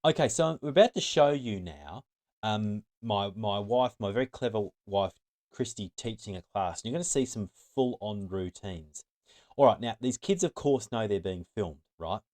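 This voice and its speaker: A man's voice: on the low side, lively intonation, normal speed, a little mellow. A middle-aged man giving an earnest, emphatic talk to teachers as a trainer, sometimes restarting his words. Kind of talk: presentation to teachers.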